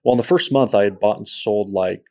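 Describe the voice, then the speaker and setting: A man, an entrepreneur guest on a podcast, telling his story in a lively way and acting out the people in it. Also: on the low side, fairly quick. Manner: animated storyteller who acts out quoted people. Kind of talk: storytelling interview.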